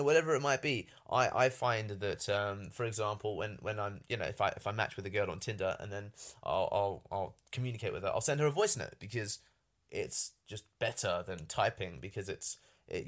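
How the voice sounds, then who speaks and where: A man in a casual monologue, rambling with lots of fillers and restarts, enthusiastic and swearing for emphasis. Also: fairly low pitch.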